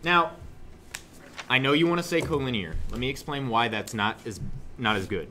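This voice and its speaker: A young man teaching a math class, joking with students and suddenly yelling for effect, recorded in a classroom. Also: medium pitch, moderate pace, slight background noise. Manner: joking, animated, shouts suddenly. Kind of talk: classroom lesson.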